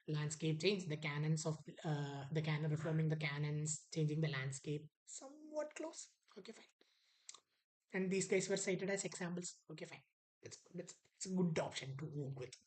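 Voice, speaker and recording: Animated woman teaching. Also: mid-range voice, poor audio. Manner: animated, repeats key words, acts out an author's attitude. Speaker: test prep teacher. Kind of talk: online exam prep lesson.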